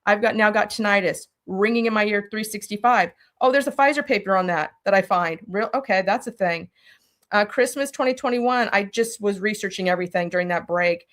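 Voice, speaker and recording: A woman telling a personal story as an interview guest, animated and speaking directly to her listeners. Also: mid-range voice, a little fast. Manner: animated, talks straight to listeners.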